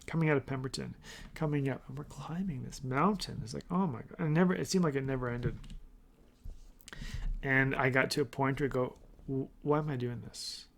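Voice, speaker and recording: This middle-aged man hosts a casual motivational podcast, speaking earnestly in a brisk, medium-pitched voice with vocal fry. He rambles and restarts, sometimes acting out his inner voice, over slight background noise.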